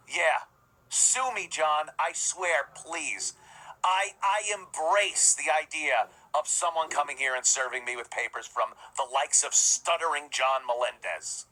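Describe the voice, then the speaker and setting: A man's voice: fairly high pitch, unhurried, bright, forceful tone, low-quality recording. Scornful, profane ranting man. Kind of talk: ranting commentary.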